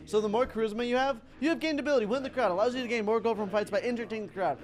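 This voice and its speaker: A young man giving excitable let's-play commentary, thinking aloud and laughing as he plays. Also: very high-pitched, racing. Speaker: gaming YouTuber.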